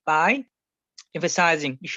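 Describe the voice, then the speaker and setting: A man's voice: a little high, lively intonation, measured pace, bright, forceful tone, dry recording. A man teaching a classroom Arabic grammar lesson, patiently explaining and repeating each example several times. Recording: muffled, slightly lo-fi sound.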